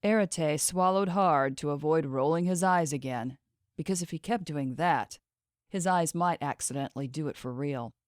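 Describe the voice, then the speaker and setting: A woman narrating a fantasy audiobook in a measured, expressive reading. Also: sits low, dry recording, clean studio sound. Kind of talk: scripted fiction narration.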